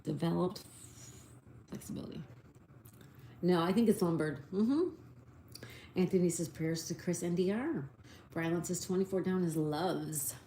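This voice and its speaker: A woman's voice: fairly low pitch, moderate pace, dark tone, slight background noise. A woman hosting a casual live stream, spelling out answers letter by letter and reading viewer comments aloud.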